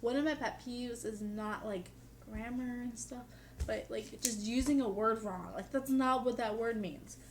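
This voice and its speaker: A woman's voice: a little high, a little slow, a little hiss or hum. A young woman vlogging in a casual, chatty way, with dry humor and lots of "like". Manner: chatty, peppered with "like". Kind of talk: casual chat to camera.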